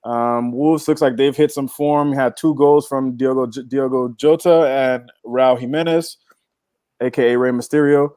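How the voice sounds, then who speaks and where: A man's voice: medium pitch, steady tone, unhurried, mellow. A man co-hosts a casual football podcast, running through the weekend's scores in an easygoing way, full of ums and uhs. His voice sits in a middle range and is recorded dry and close, with no room echo. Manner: laid-back, lots of fillers, laughs easily. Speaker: podcast co-host. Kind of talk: casual sports chat.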